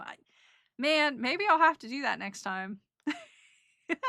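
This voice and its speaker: A woman's voice: a little high, lively intonation, measured pace, gravelly, pauses often, sharp tone, no room sound, studio quality. A young woman casually recapping a trip for her stream, rambling and emotional, with giggles and lots of fillers. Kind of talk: casual chat.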